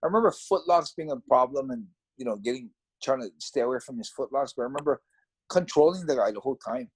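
Husky-voiced man telling an old story. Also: mid-range voice, lively intonation. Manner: reflective, conversational, halting retelling. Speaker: former fighter recounting his career. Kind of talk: casual storytelling.

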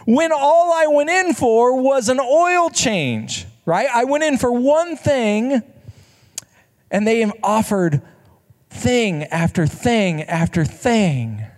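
A man with a high voice tells a story as part of a sermon, in a chatty way full of restarts and asides to the listeners. His words ring out with the long reverb of a large hall. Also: lively intonation, takes it slowly. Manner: conversational, self-correcting, rhetorical asides.

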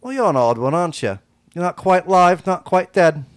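A man voicing a cheeky young street urchin boy with a high, chirpy put-on voice. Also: expressive, moderate pace, smooth, dry recording. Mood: sly. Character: scrappy street kid, cheeky Cockney-style urchin.

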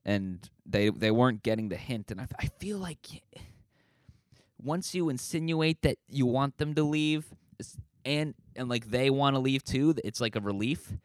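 A man's voice: medium pitch, moderate pace, hardly any pauses, no room sound. Male podcast host, mid-range voice, loose self-mocking ramble, dry close sound. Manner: rambling, self-deprecating, swears casually. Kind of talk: casual solo podcast monologue.

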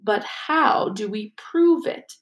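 A woman's voice: fairly high pitch, sing-song, brisk. A woman voicing a serious, brooding teenage schoolboy, in an echoey room. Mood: grim. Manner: grim, serious.

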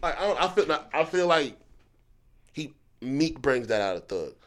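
Animated man with lively swings in his voice. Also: normal speed. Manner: animated, trails off and restarts, swings between loud bursts and low mutters. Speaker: podcast co-host. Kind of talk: casual chat.

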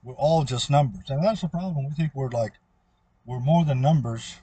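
A man's voice: mid-range voice, normal speed, dark tone, slight background noise. A man talking in a rambling, repetitive monologue that often trails off.

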